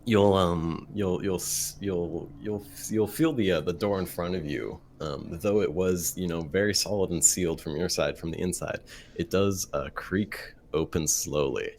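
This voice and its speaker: A man narrating as game master of a tabletop game, halting with many fillers and restarts. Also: low voice, darkish tone, slight background noise.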